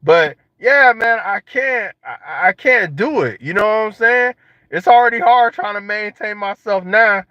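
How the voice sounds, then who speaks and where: A young man casually joking and riffing to his viewers in a vlog, slangy and animated. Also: high-pitched, measured pace, no echo. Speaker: vlogger. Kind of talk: casual monologue to camera. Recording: dull lo-fi sound.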